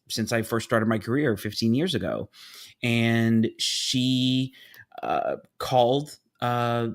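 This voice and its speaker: A man hosting a casual podcast, telling stories with dramatic asides and acted-out voices. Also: medium pitch. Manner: animated storyteller, acts out voices, dramatic asides. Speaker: podcast host, event business owner.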